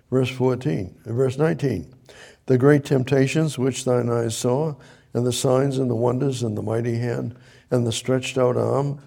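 A man's voice: medium pitch, vocal fry, dark tone. A man preaching a sermon, reading Bible verses aloud and then retelling them in plain, casual speech, often repeating and restarting his phrases. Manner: reads scripture then paraphrases God in a casual voice.

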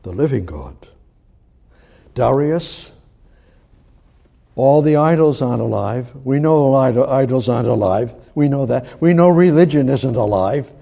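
A man preaching a sermon in an animated, rambling way, often restarting his sentences. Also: medium pitch, a little slow, vocal fry, pauses often.

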